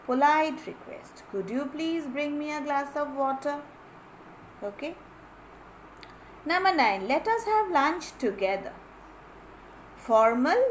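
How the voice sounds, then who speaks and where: Woman teacher, high and animated pitch, emphatic and repetitive, faint room hiss behind. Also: unhurried, rough recording. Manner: clear, emphatic, repeats key phrases. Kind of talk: grammar lesson.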